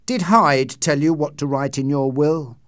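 A man's voice: fairly high pitch, a little slow, dry recording, clean studio sound, voice pushed up, close to an everyday voice. A man reading the part of a worried middle-aged lawyer in an audiobook, asking earnest, pressing questions in a raised voice.

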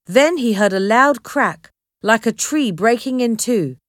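Brief: woman narrator reading an adventure chapter, unhurried and expressive, dry close mic. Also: a little high, dry recording. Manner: clear, measured reading of a graded reader. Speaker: audiobook narrator. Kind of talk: scripted storybook narration.

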